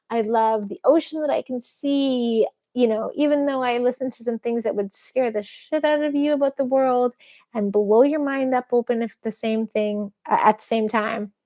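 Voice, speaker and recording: A woman's voice: fairly high pitch, mellow. Candid woman rambling in a personal vlog. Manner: rambling, candid, swears casually. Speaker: vlogger. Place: bedroom with an ocean view.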